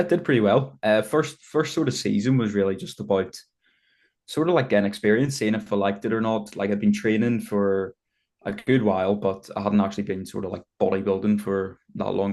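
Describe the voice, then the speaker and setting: Young Northern Irish man, podcast guest, rambling casual chat with a lowish voice. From Northern Ireland. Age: 20s. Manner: relaxed, rambling with fillers. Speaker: guest, bodybuilder.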